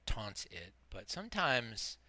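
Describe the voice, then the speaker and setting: A middle-aged man streams a multiboxing game, rambling casually as he explains his tactics mid-play and pokes fun at himself. His voice sits on the low side with a sing-song lilt, unhurried, pushed and bright, in a dry recording.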